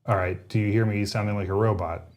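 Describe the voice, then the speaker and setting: A man's voice: fairly low pitch, fairly even intonation, a little mellow. A man co-hosting a tech livestream, chatting casually and laughing often while testing gear. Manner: laughs often, quick and playful. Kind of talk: casual chat.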